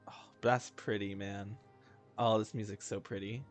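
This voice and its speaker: A man's voice: lowish voice, little pitch movement, moderate pace. A man casually chatting and rambling while playing a game, laughing often and joking about himself. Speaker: gaming video host. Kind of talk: casual let's-play commentary. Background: faint game music.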